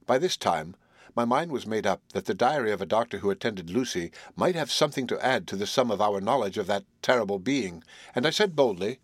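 A man narrating a classic novel as an audiobook in a measured, even storytelling voice. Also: fairly low pitch, no room sound, clean studio sound. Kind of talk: scripted narration.

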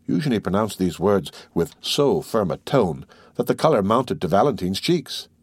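Guy reading an audiobook, lowish voice, dry close sound, steady. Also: moderate pace, husky, no echo. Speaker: audiobook narrator. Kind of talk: scripted audiobook narration.

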